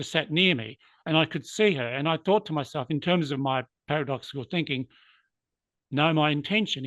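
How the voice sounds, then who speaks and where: A man's voice: fairly high pitch, a bit bright, no echo, lo-fi sound. A man, an interview guest earnestly recounting a personal story, sometimes moved by it. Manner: earnest, moved to emotion at times. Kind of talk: reflective storytelling.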